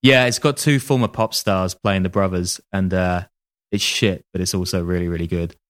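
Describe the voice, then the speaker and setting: A man's voice: low-pitched, fairly even intonation, moderate pace. A man telling a true-crime story casually on a podcast, with wry joking asides and casual swearing. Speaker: podcast host.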